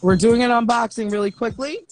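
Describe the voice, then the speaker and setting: A woman hosting a live show, telling stories with animated energy and acting out back-and-forth exchanges. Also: fairly high pitch, fairly quick, over music. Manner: animated storyteller who acts out exchanges. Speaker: host of a live online show. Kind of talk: casual live-stream chat. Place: at home.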